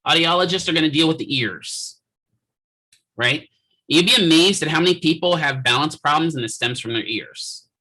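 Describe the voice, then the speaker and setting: A man lectures from his office with a bright, forceful edge to his voice and a fairly high pitch for a man. He keeps it conversational, tossing in jokes and asking "right?" to keep the class with him. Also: moderate pace, low-quality recording. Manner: joking, conversational, rhetorical "right?" checks. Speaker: physical therapy instructor.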